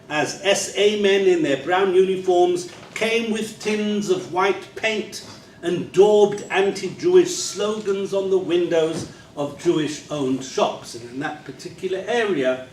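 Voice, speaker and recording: A man in his sixties with an unusual English accent, giving a public lecture with a measured, wry storytelling manner. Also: sits high, slight background noise. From England. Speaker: guest lecturer. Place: library lecture hall. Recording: echoey hall, distant mic, faint ambience.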